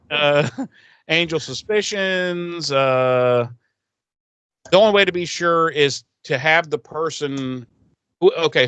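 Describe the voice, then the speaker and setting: A man's voice: mid-range voice, fairly bright tone, smooth, no echo. Profane, jokey man on a podcast. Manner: profane, jokey, laughs often. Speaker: podcast co-host. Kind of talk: casual recap chat.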